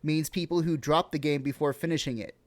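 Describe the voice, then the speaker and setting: A man's voice: a little high, brisk. A young man with a Texan accent, co-hosting a casual podcast, rambling through explanations with lots of fillers and swearing. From Texas. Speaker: podcast co-host.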